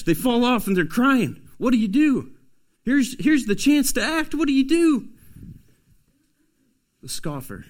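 A man preaching a sermon as a pastor, swinging from loud, emphatic pushes to soft, hushed asides. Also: very high-pitched, big pitch swings, a little slow, long pauses.

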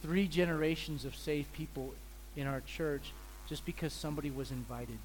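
High-voiced pastor telling lively stories. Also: male voice, moderate pace, a little hiss or hum. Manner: animated storyteller, acts out people's voices. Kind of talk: sermon with storytelling.

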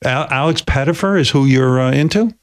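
A man's voice: mid-range voice, fairly quick, clean tone. A man hosting a radio talk show, teasing his co-host and pushing a caller with mock exasperation.

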